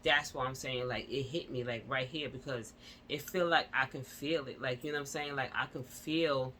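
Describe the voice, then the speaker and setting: A woman's voice: a bass voice, steady tone, normal speed, fairly bright tone, slight background noise. A woman vlogger at home, giving impassioned casual commentary on a news story and speaking straight to her viewers with repeated fillers.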